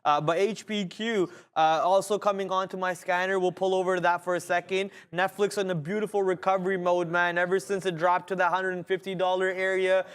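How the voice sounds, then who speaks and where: Guy with a high voice doing live trading commentary, chatty, repeats himself a lot. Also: little pitch movement, fairly quick, few pauses, smooth. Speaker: day trading show host. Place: trading floor studio.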